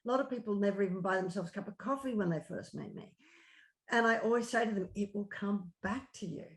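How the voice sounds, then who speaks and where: A woman's voice: medium pitch, fast. A middle-aged woman, a life coach, talking earnestly and encouragingly to a client. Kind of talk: coaching conversation. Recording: echoey room.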